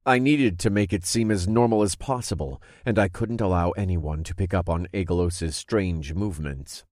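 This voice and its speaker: Deep voiced guy reading a first person fantasy story, dry close sound. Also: normal speed, few pauses, darkish tone, no room sound.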